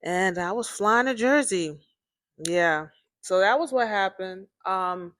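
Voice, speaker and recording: A woman's voice: on the low side, moderate pace, a bit bright, no echo, clean studio sound. A woman hosting her own series, telling a personal story in a casual, rambling way, repeating herself and talking to listeners as "y'all.".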